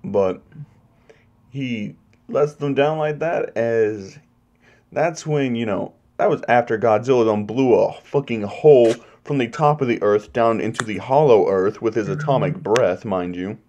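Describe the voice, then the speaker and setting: Man, movie reviewer, casual spoiler talk, heavy swearing, animated retelling. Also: medium pitch, unhurried, highs cut off, a little hiss or hum. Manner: profane, animated plot retelling.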